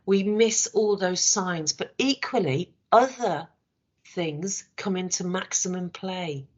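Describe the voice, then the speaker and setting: A woman with a worn, hoarse voice, leading a training session in a conversational way and checking in with rhetorical questions. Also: mid-range voice. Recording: dull lo-fi recording.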